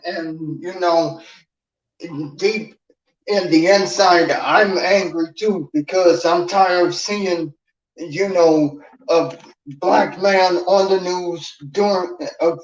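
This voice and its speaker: A man calling into a live stream, speaking hesitantly with many pauses and fillers. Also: sits high. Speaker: caller on the panel. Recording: distant echoey lo-fi call line.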